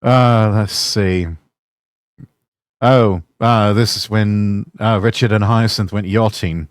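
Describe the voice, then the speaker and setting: Relaxed male streamer, unhurried. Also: on the low side, no room sound, studio quality. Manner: relaxed, musing, chuckling asides. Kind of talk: casual reaction commentary.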